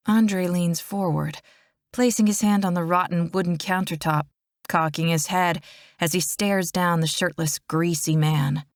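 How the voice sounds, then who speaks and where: A woman narrating a first-person romance audiobook in an intimate, steady way, close to the mic. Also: on the low side, unhurried, dry recording.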